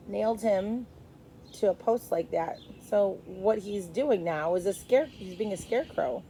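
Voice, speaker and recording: A woman teacher reading a chapter book aloud to first graders, expressive and stopping to explain. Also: medium pitch, unhurried, a little hiss or hum, rough recording. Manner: expressive, stops to explain to kids.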